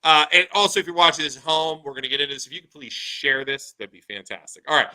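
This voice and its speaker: A man in his thirties hosting a casual podcast, telling a story in an animated way and saying "dude" a lot. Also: fairly high pitch, fast, poor audio. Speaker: podcast host.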